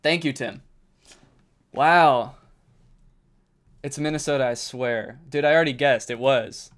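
A man streaming from a carpeted room at home, chatting casually with his viewers while he plays, and bursting into loud exclamations when he gets excited. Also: mid-range voice, unhurried. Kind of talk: casual live-stream chat while gaming.

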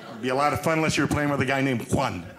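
A man doing stand-up comedy on a stage, quick and chatty, with self-mocking asides to the crowd. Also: medium pitch. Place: theater stage before a live audience. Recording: echoey stage with loud crowd noise.

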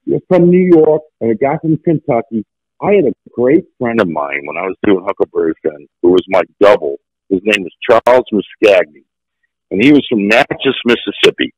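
A man in his sixties, an actor being interviewed, telling stories in a lively, casual way. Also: fairly low pitch, normal speed, breathy edge, no echo, highs cut off. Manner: animated, jumps into acted voices. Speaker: guest actor. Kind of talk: casual storytelling.

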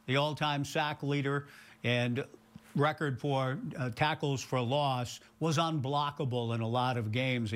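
A man who is a radio play-by-play announcer, giving measured commentary. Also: mid-range voice, a bit bright. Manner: measured, polished broadcaster delivery. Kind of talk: broadcaster commentary.

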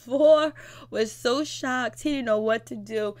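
A woman's voice: on the high side, takes it slowly. A woman casually recapping a reality show episode in a slangy, chatty way. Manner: slangy, chatty, frequent fillers.

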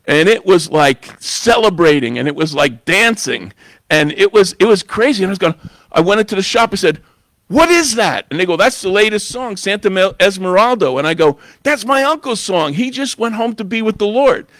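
A man's voice: high voice, expressive, moderate pace, fairly bright tone, no echo. A man preaching a sermon in church, talking in a conversational way and often asking "you know?". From New York. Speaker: guest preacher.

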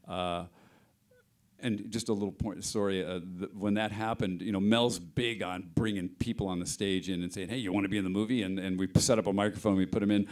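A man's voice: sits low, steady tone, moderate pace. A middle-aged man, a film sound mixer, explaining his work at a panel interview, hesitant with many restarts.

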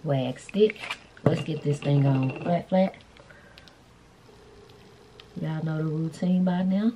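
Chatty woman with a lowish voice. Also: takes it slowly, mellow, slight background noise. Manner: chatty, playful, addresses viewers as y'all. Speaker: vlogger. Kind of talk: casual beauty vlog chat. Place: indoors, hotel room.

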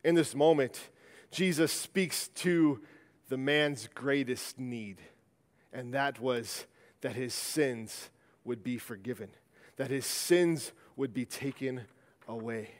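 A pastor preaches slowly in a mid-range voice, his conversational sermon full of restarts and repeated words. He is in a church sanctuary, and the recording carries the hall's long reverb.

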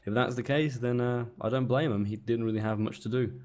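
A man's voice: mid-range voice, steady tone, a little fast, a little mellow. Casual male co-commentator. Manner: casual, laughing banter. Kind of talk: live game commentary.

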